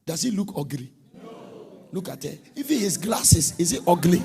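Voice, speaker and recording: A middle-aged man preaching a sermon, swinging from soft, low talk to shouted, sing-song bursts. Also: animated, normal speed, gravelly, soft background music.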